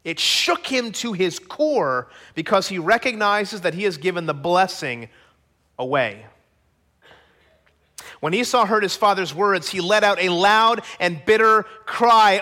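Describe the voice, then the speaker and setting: A man's voice: sits high, animated, a little slow, pushed and bright. A man preaching a sermon, retelling a story dramatically and asking the listeners rhetorical questions. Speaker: pastor.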